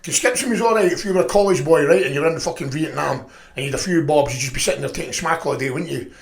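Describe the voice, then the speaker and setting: A middle-aged man telling stories in a profane, rambling, animated way. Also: a little high, racing, gravelly, echoey room. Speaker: podcast guest. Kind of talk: casual storytelling chat.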